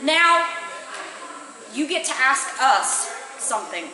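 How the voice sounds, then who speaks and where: A big stately king bunny of the forest , as a woman storyteller puts him on, speaking slow and grand. His voice sits lower than the narration, in an echoey room full of listeners. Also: very animated, recorded from a distance, a crowd in the background, full character voice. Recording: echoey hall with a live audience.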